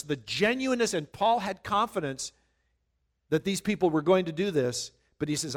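A man preaching a sermon, reading scripture slowly and loudly, then explaining it in a conversational way. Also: fairly high pitch. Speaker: pastor.

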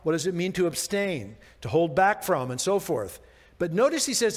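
High-voiced pastor preaching in a reverberant hall. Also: male voice, big pitch swings, fairly quick. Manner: conversational, self-deprecating preaching with rhetorical questions. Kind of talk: sermon.

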